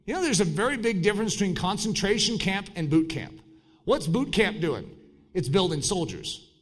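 A man preaching a sermon in an animated way, breaking into shouted mock voices. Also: high voice.

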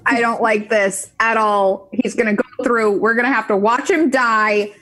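Woman, tabletop player, wry, slightly high pitch. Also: steady tone, normal speed, fairly bright tone, poor audio. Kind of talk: casual tabletop game play.

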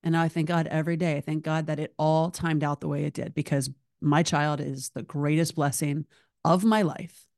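A woman in her thirties hosting a solo podcast, talking in an animated, emotional, chatty way with lots of "like". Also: low voice, moderate pace, no echo, studio quality. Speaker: podcast host.

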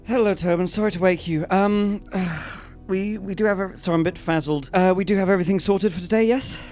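A man's voice: high-pitched, brisk, darkish tone, voice pushed up, close to an everyday voice. Man putting on a frazzled, nervous woman. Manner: hesitant, nervous laughter.

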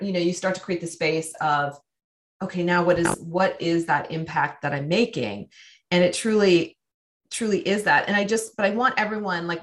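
A woman hosting a podcast, enthusiastically recapping her guest's points for listeners. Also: fairly low pitch. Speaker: podcast host. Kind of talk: conversational interview.

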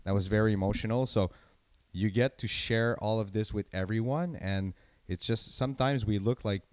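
A lowish, resonant male voice with a French Canadian accent, chatting casually about his work as an announcer. He rambles and restarts his sentences, then picks up as he tells a story. The sound is close and dry. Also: normal speed, a little mellow, no echo. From French-speaking Canada. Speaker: event announcer. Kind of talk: casual chat.

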